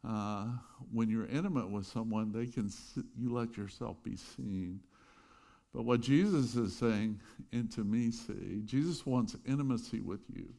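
A middle-aged pastor telling a lively story in his sermon, with chuckling asides. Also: fairly low pitch, a little slow, vocal fry.

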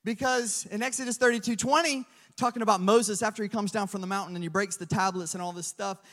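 Man, pastor, sermon, high voice, animated storytelling, church hall echo. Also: fast. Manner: animated storytelling, shifting from hushed asides to loud emphasis.

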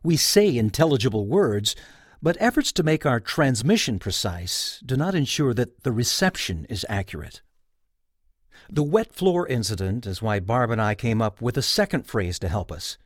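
A middle-aged man hosting a podcast, narrating a personal story in a reflective, wry, clearly articulated way. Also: medium pitch, animated, normal speed, dry recording, clean studio sound. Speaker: podcast host.

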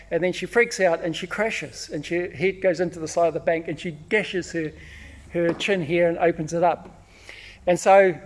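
Animated New man preaching. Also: fairly high pitch. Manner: animated storytelling, acts out shouts and repeats words. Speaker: pastor. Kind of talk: sermon with personal stories.

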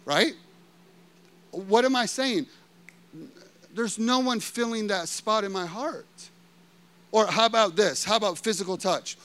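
Man, sermon, high voice, smooth and clear, chatty storytelling, asks the crowd questions. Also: a little slow, pauses often, a bit bright. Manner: conversational storytelling with frequent "like" fillers. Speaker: preacher.

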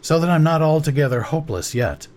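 A man voicing an excitable naval commander on a gunboat, speaking in an animated, dramatic way. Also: on the high side, fast, voice pushed up, lightly acted. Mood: brooding.

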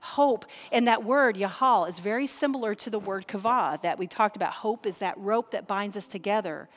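A woman delivers a sermon from a pulpit, building emphasis through repetition and dramatic pauses. Her voice carries a long reverb tail, as if recorded in a large hall. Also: mid-range voice. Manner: emphatic preaching with repeated phrases and dramatic pauses. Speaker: pastor.

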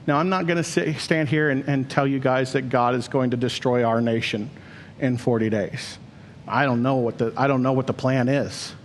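A man's voice: medium pitch, fairly even intonation, moderate pace, a little hiss or hum. A man preaching a sermon as pastor, earnest and building to emphatic questions.

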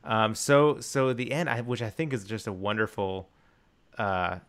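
Low-voiced man chatting about films. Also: unhurried, fairly bright tone. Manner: enthusiastic, rambling with many restarts and fillers. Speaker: podcast co-host. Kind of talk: casual film discussion.

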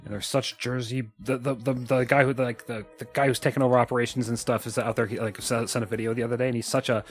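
A man's voice: mid-range voice, little pitch movement, fast, soft background music. A man hosting a podcast, chatting casually and telling crude, joking stories. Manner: profane, jokey storytelling with put-on voices. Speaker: podcast host.

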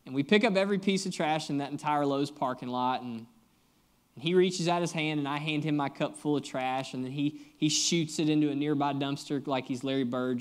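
A man in his thirties preaching a sermon, telling a personal story in an earnest, conversational way and speaking straight to his listeners, with big swings in pitch and volume for emphasis. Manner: conversational, earnest, addresses the congregation directly. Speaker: pastor.

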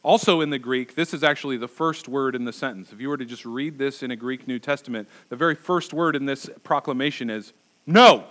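A man's voice: medium pitch, quick pace, few pauses, a bit bright. A middle-aged male pastor preaching a sermon, emphatic and repeating words for stress.

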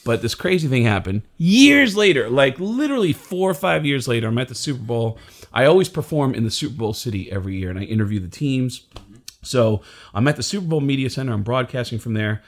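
A man, a comedian and impressionist, telling a story in a casual, animated way. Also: mid-range voice, a little fast. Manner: animated, acts out the voices of people in his stories.

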